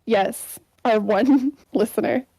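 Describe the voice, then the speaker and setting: Woman podcast co-host, higher pitch, playful and rambling, close dry mic. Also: slow pace, mellow, husky, no room sound, rough recording. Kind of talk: casual chat.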